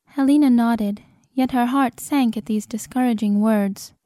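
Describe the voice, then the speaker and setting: A woman's voice: on the high side, dark tone, dry recording, studio quality. Woman narrating a dramatic audiobook. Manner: measured, dramatic. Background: cinematic score.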